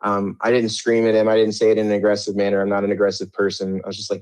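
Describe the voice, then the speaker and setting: Middle-aged male interview guest, lowish voice, rambling defensive storyteller. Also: monotone, very fast, darkish tone, smooth. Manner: rambling, many restarts and fillers, defensive. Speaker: guest telling his story.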